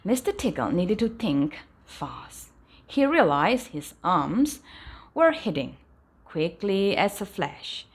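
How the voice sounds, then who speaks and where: A woman reading a children's bedtime story aloud, animated and dropping softly at the ends of sentences. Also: on the low side, takes it slowly, slightly rough. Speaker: storybook reader.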